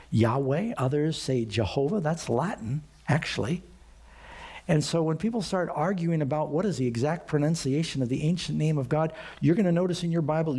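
A man's voice: on the high side, dark tone, husky. A man preaching a sermon in a conversational way, often asking the congregation rhetorical questions. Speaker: pastor.

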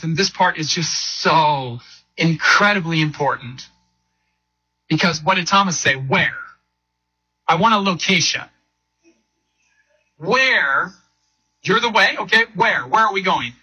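Animated high-voiced male preacher. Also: unhurried, long pauses, husky, highs cut off. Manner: animated preaching with call-and-response; acts out quotes in shifting voices. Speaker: pastor. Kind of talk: sermon.

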